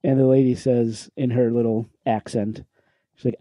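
A man co-hosting a podcast, telling a story in a casual, animated way, swearing and acting out what people said. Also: medium pitch, moderate pace, no echo. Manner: animated, swearing, acts out quoted lines. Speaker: podcast co-host. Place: podcast recording room.

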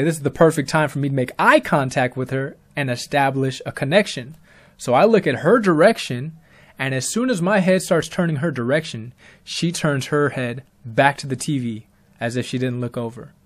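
A young man telling his own story in a plain, casual way, with ums along the way. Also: medium pitch. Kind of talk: first-person spoken story.

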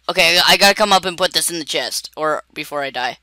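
A young man hosting a game video, chatting casually and joking at his own expense, sometimes yelling in panic. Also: fairly high pitch, fast talker, clear, resonant tone, no echo, studio quality. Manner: self-mocking, shouts in panic. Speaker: gaming video host. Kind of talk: casual gameplay commentary.

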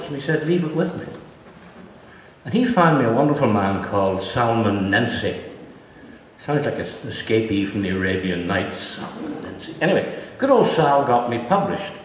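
A man's voice: medium pitch, slight background noise. An older man, an author at a book launch, telling anecdotes to an audience with dry, self-mocking humour. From Northern Ireland. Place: library hall with an audience. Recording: echoey hall from far off.

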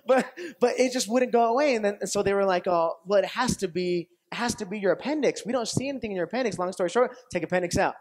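A male pastor with a fairly high voice talks fast through a sermon, alternating between lively, acted-out exchanges and quieter reflective passages. He tells stories animatedly, mimics quoted voices, and laughs often, while repeating and restarting phrases and asking the audience if it makes sense.

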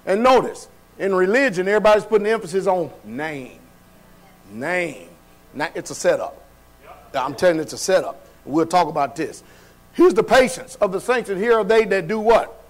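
A pastor with a high voice preaches to his congregation in a church. He talks in a loose, colloquial way and keeps putting questions to the room. He moves between loud and quiet as he preaches. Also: brisk, poor audio. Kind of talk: sermon. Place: church sanctuary.

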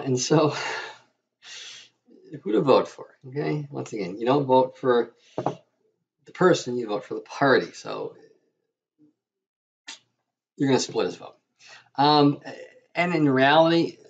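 A man lecturing as a history teacher, with a halting delivery full of fillers and restarts. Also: mid-range voice, slightly rough. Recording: dull lo-fi lecture audio.

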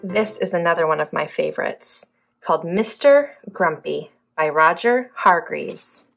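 A woman's voice: lowish voice, animated, a little slow, gravelly, a bit bright, faint music behind. A young adult woman, a preschool teacher, reading a picture book aloud expressively and asking young children questions.

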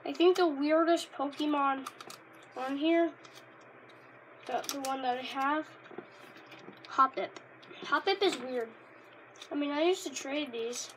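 A woman rambling casually in a vlog, easily delighted and bursting into loud exclamations. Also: high voice, slow pace, pauses often, slight background noise. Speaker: Pokémon card reviewer. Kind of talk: casual unscripted vlog chat.

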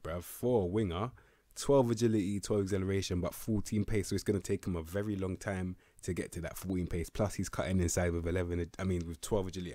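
A man's voice: low-pitched, mellow, no echo. A young man, casually commenting on a football management game in heavy slang. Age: young adult. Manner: slangy, laid-back, swears casually. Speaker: gaming youtuber.

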